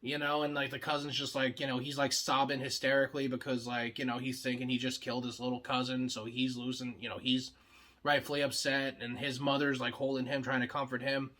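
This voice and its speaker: A young man pitching show ideas in a casual comedic monologue, rambling and swearing freely, full of filler words. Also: flat delivery, pushed and bright. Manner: acts out the other characters' lines in quick bursts.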